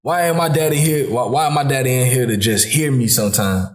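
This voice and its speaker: A man's voice: medium pitch, a little fast. Earnest man talking casually, echoey room. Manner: informal Southern US speech, calls listener "bro". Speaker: podcast host. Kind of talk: casual heartfelt conversation.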